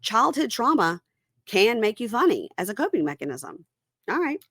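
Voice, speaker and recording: A woman's voice: on the high side, moderate pace, dry recording, studio quality. A woman co-hosting a casual podcast, recapping a reality show and acting out the cast's lines as she retells them. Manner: animated retelling, acting out quotes. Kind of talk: casual chat.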